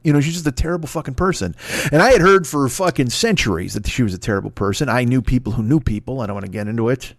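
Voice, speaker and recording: A man's voice: mid-range voice, expressive, rapid-fire, gravelly, dry recording, studio quality. A man in his forties hosting a solo comedy podcast, rambling through profane, self-mocking tangents. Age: 40s. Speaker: podcast host.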